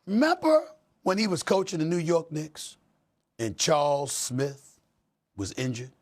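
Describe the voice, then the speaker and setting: A man's voice: a little high, huge pitch swings, unhurried. A middle-aged man hosting a heated sports debate, fiery and emphatic, hammering points with repetition. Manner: fiery, emphatic, repeats phrases for effect. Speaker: host.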